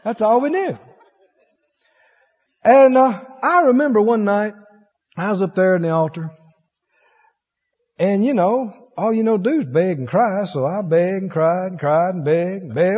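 High, lively-voiced preacher in echoey hall. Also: male voice, a little slow, long pauses, slightly rough. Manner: animated storytelling, acts out voices, laughs often. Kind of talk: sermon. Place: church. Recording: dull echoey church hall recording.

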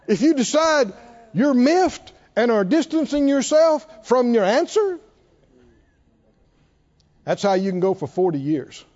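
Preaching emphatically, this man repeats and leans on words, his high, slightly mellow voice rising and dropping abruptly. A reverberant hall surrounds the dull, lo-fi recording.

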